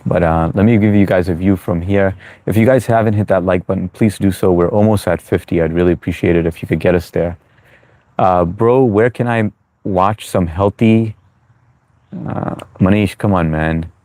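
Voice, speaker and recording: A man's voice: deep voice, moderate pace, mellow, dry recording. An American-born man hosting a live chat Q&A, chatty and reassuring, with many fillers as he answers viewers. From United States. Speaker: livestream host. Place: New York.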